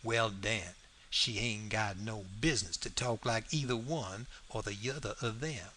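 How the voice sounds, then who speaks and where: A man's voice: on the low side, unhurried, bright, forceful tone, slight background noise. A man reading as a stubborn, plain-spoken grown man. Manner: heavy rural dialect, blunt and argumentative.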